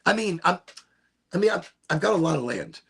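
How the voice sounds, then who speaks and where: Gravelly, husky man rambling playfully. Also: high voice, animated, fairly quick, a bit bright. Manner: rambling, playful, self-amused. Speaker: podcast host. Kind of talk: casual stoned monologue.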